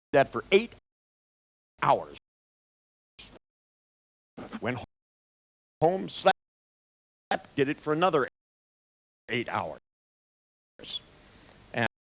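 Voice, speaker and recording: Animated man telling stories to an audience. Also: mid-range voice. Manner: animated storyteller, quoting others in dialogue. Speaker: workshop presenter. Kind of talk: storytelling lecture to an audience.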